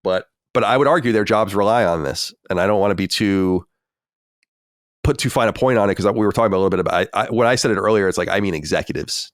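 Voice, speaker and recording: A man with a low voice chats casually as a podcast co-host. He talks at length, circling back with restarts and fillers. The sound is dry and close. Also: fast talker, no room sound. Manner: talkative, many restarts and fillers. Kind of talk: casual chat.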